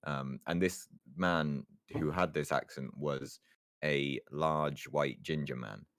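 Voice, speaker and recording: A man's voice: a bass voice, takes it slowly, fairly bright tone, dry recording, clean studio sound. A man co-hosting a streamed talk show, chatting casually, laughing often and trailing off with fillers. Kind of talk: casual chat.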